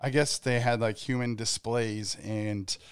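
Smooth-voiced storytelling guy. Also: medium pitch, fairly even intonation, measured pace, dry recording, clean studio sound. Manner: storyteller who acts out quoted lines. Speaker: podcast co-host. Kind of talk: casual chat.

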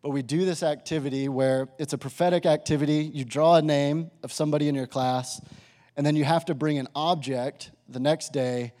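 A young man sharing a personal testimony with a live audience, in a casual, animated way full of filler words. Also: fairly high pitch, brisk. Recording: reverberant hall.

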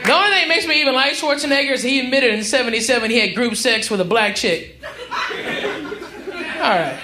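A male stand-up comedian performing a brash, profane, mocking set on a comedy club stage, shouting his punchlines. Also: very high-pitched, expressive, moderate pace. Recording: live club recording, roomy, crowd noise. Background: audience laughter.

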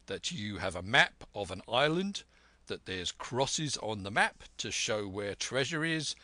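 A man voicing a stern, blunt sea captain who talks in a measured, firm way in a storybook reading. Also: lowish voice, big pitch swings, pushed and bright, no room sound, heavily acted.

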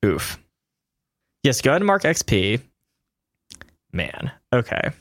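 A man narrates a tabletop game as game master in a loose, hesitant way, full of fillers. His voice sits in a middle pitch. The recording is close and dry. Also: sing-song, slow, fairly bright tone, no echo.

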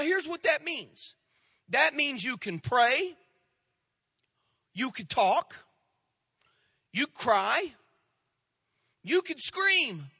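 A man preaching a sermon as pastor, folksy and emphatic, slowing down to stress the words he quotes. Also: very high voice, bright, forceful tone, no room sound, in a large hall.

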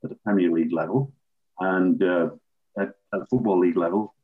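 Older english guy spinning yarns, lowish voice, kinda muffled recording. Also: brisk. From England. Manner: animated raconteur, acts out quoted voices. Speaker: former football referee, guest. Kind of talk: anecdotal storytelling. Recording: dull lo-fi recording.

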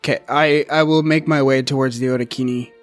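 A man's voice: medium pitch, fairly even intonation, fairly quick, faint music behind. A man playing a tabletop game, joking around and laughing a lot. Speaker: player.

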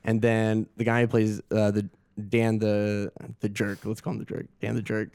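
A man's voice: fairly low pitch, normal speed, vocal fry, clean tone, no echo. A young adult man, a guest actor, telling a story casually and acting out the quotes with laughs. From Augusta. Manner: animated, laughing, acts out quotes.

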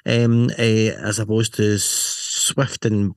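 A man's voice: lowish voice, steady tone, takes it slowly, no echo, studio quality. A man co-hosting a casual podcast, reading motorbike news with jokey, self-mocking asides. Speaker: podcast co-host.

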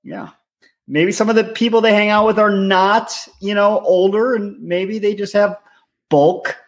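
A man's voice: high-pitched, steady tone, unhurried. Blunt, profane podcast man. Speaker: podcast co-host. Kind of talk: casual comedic chat.

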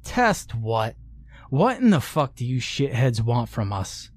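A man voicing a sick, defiant young man who swears gruffly. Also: mid-range voice, very animated, slow pace.

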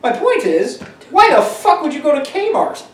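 A man's voice: very high voice, wildly swooping pitch, normal speed. A man co-hosting a casual gaming podcast who jokes, swears and laughs often. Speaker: podcast co-host. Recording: echoey room, distant mic, faint noise.

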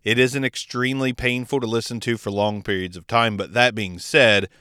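This man's casual podcast-gear tutorial is full of opinions, chatter and enthusiasm, delivered right up against a close dynamic microphone. He talks at a moderate pace in a medium pitch with fairly even intonation, and his sharp, clean tone carries no room sound.

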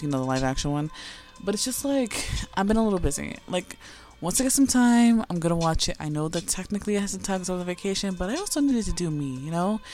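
A young woman hosting a casual chat about anime, talking in a chatty, animated way, swearing freely and dropping in Spanish phrases. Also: on the low side. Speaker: podcast host.

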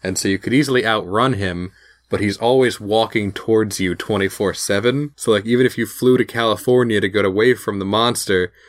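A man's voice: lowish voice, a little fast, no echo. A man co-hosting a podcast, recapping an episode in casual chat with lots of fillers and restarts. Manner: rambling, full of fillers and restarts. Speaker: podcast co-host.

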